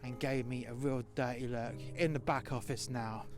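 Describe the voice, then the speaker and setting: A man's voice: medium pitch, steady tone, normal speed. A man with a London accent telling a first-person story, blunt and sweary and full of indignation. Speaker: narrator. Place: outdoors in freezing cold. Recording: music playing underneath. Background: music.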